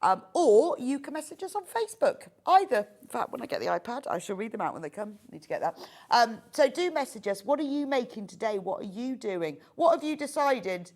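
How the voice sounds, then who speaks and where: British woman, shopping TV presenter, lively up-and-down delivery, upbeat selling. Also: a little high, a little fast. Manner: chatty, enthusiastic selling.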